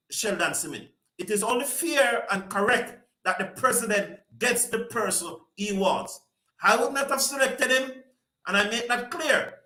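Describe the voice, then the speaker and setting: A high-pitched, bright-toned man chatting on a live stream. He reads viewer comments and greets people by name as he talks. The sound is echoey, like a bare room. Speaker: host reading viewer comments.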